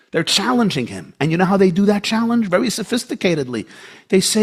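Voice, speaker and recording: A man giving a sermon as a rabbi, impassioned, swinging between soft low lines and high, emphatic ones. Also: expressive, fast talker.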